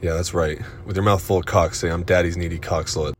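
A man performing an erotic audio role-play in a dominant, commanding and profane manner, with breathy moans between lines. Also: low-pitched, fairly even intonation, fairly quick, a little hiss or hum.

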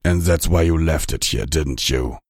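A man's voice: very deep voice, moderate pace, husky, dry recording, studio quality. A man voicing an ancient, cold, godlike male being with an imperious manner.

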